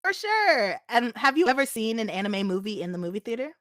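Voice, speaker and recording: A young woman co-hosting a casual chat, animated and laughing often. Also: a little high, brisk, no echo, studio quality. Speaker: podcast co-host.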